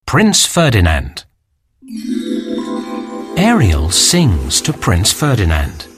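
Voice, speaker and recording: A man narrating a graded reader story slowly and clearly. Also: on the low side, wildly swooping pitch, loud music behind the voice. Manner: slow and clear.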